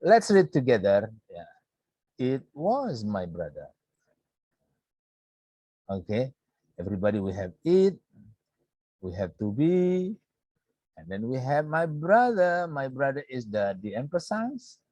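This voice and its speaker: A male teacher with an Indonesian accent walks through a grammar point in an online lecture. He speaks in an unhurried, deliberate way and often repeats himself, checking in with "yeah". His voice sits in a mid range and is recorded dry and close. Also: mid-range voice, sing-song, warm tone, no room sound. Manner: slow and repetitive, with frequent "yeah" checks.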